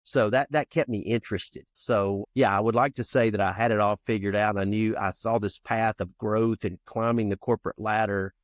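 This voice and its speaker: Lowish in pitch and moderate in pace, with hardly any pauses, a man in his fifties tells personal stories as a podcast guest. A founder and youth coach, he's an earnest, lively narrator who acts out childhood scenes and drifts into restarts and asides. The audio is clean studio sound without room noise.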